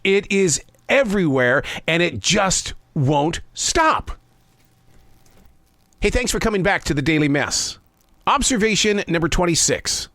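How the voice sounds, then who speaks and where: Lively older man with a folksy delivery. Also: on the high side, slow, dry recording. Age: 60s. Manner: folksy, conversational, playful asides. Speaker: host. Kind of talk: scripted spoken essay. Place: living in the American South.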